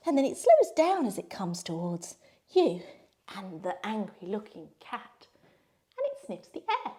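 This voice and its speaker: A woman leads children through yoga like a storyteller. Her voice sits high and leaps about in lively swoops, with playful sound effects woven in. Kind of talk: guided kids' yoga story.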